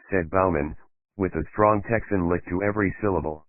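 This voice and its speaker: A man narrating a crime novel in a steady, even-paced reading. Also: low voice, a little fast, dry recording. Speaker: audiobook narrator. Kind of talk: scripted narration. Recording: tinny phone-like dry sound.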